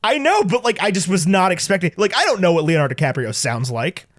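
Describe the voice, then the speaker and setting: A man co-hosting a podcast, chatting casually about movies, animated and full of stumbling restarts. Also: sits high, fast, dry recording, studio quality. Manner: animated, stumbling restarts, quotes people in voices. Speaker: podcast co-host.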